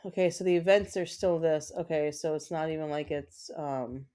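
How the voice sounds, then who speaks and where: A woman's voice: sits low, moderate pace, warm tone. A woman hosting a gaming livestream, chatting casually and rambling to herself as she plays. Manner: chatty, self-talking, rambling. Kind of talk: casual chat while playing.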